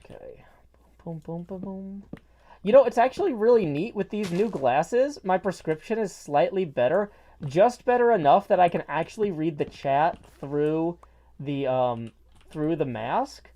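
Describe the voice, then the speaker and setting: A man's voice: on the high side, animated, moderate pace, mellow. Guy rambling through a game stream, muffled behind a mask, voice bouncing up and down. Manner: rambling, playful, jokey asides. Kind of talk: casual livestream chat while gaming. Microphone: mask worn over the face.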